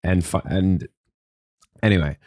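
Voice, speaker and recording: Male comedian guest, low-pitched, loose jokey riffing, dead-dry recording. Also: darkish tone, no echo. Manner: jokey, laughs often, quick riffs. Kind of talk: casual comedic podcast chat.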